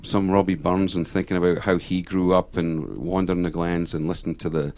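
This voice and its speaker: A man's voice: low voice, flat delivery, fairly quick, a little mellow. A Scottish man in his fifties, a guest chatting casually, thoughtful and hesitant with many restarts. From Scotland. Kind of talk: casual conversation.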